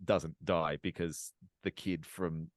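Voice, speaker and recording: A bass-voiced man speaks at a slow pace as he co-hosts a casual podcast chat. He rants sarcastically and animatedly about a film, swearing plenty along the way.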